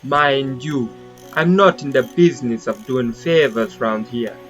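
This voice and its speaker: A man's voice: medium pitch, measured pace, faint music behind, lightly acted. A man doing a curt lilting shipwright woman. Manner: put-on Caribbean-style lilt, curt. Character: brusque female shipwright, no-nonsense.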